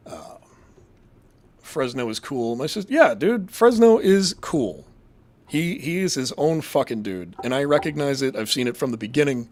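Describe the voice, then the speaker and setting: A man's voice: mid-range voice, sing-song, normal speed. A man from Massachusetts hosting a casual live show, reading chat and rambling in a crude, profane, jokey way.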